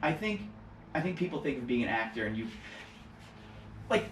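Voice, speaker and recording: A man's voice: mid-range voice, normal speed, slight background noise. A man with a Long Island accent, a stage actor telling stories in a casual podcast chat, laughing as he goes. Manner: animated storyteller, laughs while telling stories. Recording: echoey room, voice from a distance.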